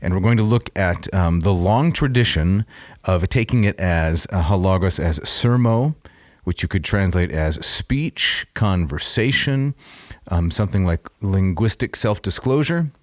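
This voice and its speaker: A man with a very deep voice leads a casual scholarly podcast discussion. He explains ideas in a measured, careful way. The recording is dry and close, with no room sound. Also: animated, no echo. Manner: measured, explanatory, reads out texts aloud. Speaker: podcast co-host.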